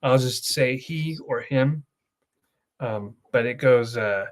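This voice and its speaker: A man's voice: mid-range voice, a little slow. A young man hosting his channel, telling an emotional story in a rambling casual way. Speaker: host. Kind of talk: casual chat.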